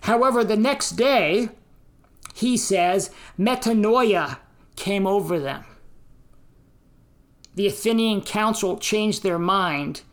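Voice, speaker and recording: Slow, deliberate American woman preacher. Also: medium pitch. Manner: slow, deliberate teaching delivery with emphatic quotes. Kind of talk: sermon on scripture and history.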